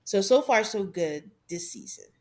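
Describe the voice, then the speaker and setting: A woman's voice: medium pitch, big pitch swings, normal speed, a little mellow. A woman co-hosting a podcast, chatting casually through a reality-show recap and laughing often. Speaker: podcast co-host.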